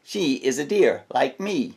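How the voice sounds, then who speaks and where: A man voicing a confident, contrary male deer in a read-aloud storybook, speaking in a bright, insistent way. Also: mid-range voice, sing-song, a little slow, creaky, breathy edge, heavily acted.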